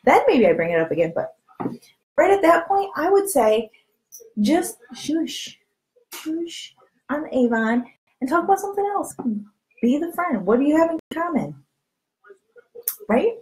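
Her voice sits high and moves at normal speed, broken by long pauses, and the recording quality is low. The woman is coaching her direct sales team to camera, candid and chatty, repeating catchphrases while she animatedly acts out chats with friends through voice changes.

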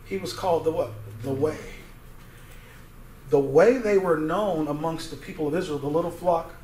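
Speaking at a moderate pace, a man with a higher-leaning, darkish voice teaches Bible study from a church sanctuary. He keeps it conversational, reading scripture out loud and having the congregation complete the words. Echo from the church room and faint noise come through.

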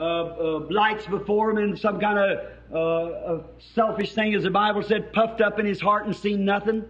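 Fervent high-voiced Southern preacher, old tape. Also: male voice. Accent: Southern American. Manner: fervent, rising to shouts, then soft prayer. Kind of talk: sermon. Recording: dull lo-fi archival tape.

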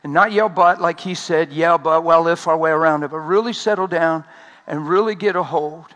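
A man preaching an energetic sermon at a conference, talking fast and laughing along the way. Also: a little high.

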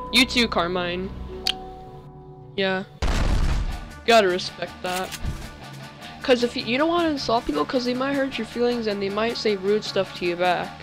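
A young male gamer giving rambling, excitable commentary while playing, often breaking into sudden outbursts. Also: sits high. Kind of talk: game commentary. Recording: faint music behind.

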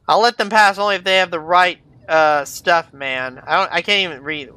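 A man's voice: sits high, moderate pace, hardly any pauses, sharp tone. A man giving casual let's-play commentary, reading documents aloud and muttering asides to himself. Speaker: gaming YouTuber.

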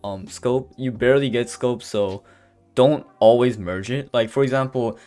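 A man's voice: mid-range voice, moderate pace, warm tone. Rambling man narrating gameplay. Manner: rambling, full of fillers and restarts; says he is stuttering and can barely speak. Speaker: gameplay commentator. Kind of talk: casual gameplay voice-over. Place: voice-over recorded apart from the footage. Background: faint background music.

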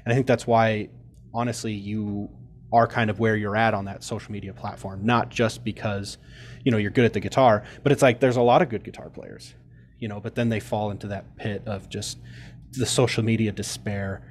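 A man's voice: lowish voice, fairly even intonation, moderate pace, a little hiss or hum. A man hosting a casual interview, earnest and rambling, leaning on "you know" as he builds his point. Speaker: podcast host.

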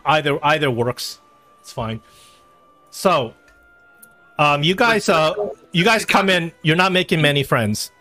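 A man's voice: on the high side, pushed and bright. A man narrating as game master at a tabletop game, chatty and rambling, with lots of fillers.

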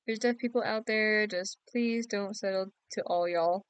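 A woman's voice: mid-range voice, normal speed, clean tone, no room sound. A young woman chatting casually on a late-night game stream, giggly, teasing and sleepy. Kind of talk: casual live-stream chat.

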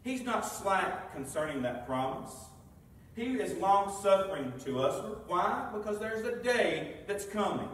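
A man's voice: high voice, sing-song, a little slow. A man preaching a sermon, reading scripture aloud and asking the congregation questions. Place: church sanctuary. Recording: very echoey room, mic far off.

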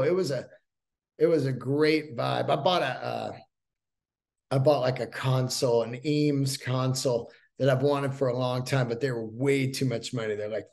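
A man's voice: medium pitch, creaky. A man in his fifties hosting a casual solo podcast as a stand-up comedian, rambling through profane stories and acting out the dialogue. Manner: profane, rambling storyteller who acts out quoted dialogue.

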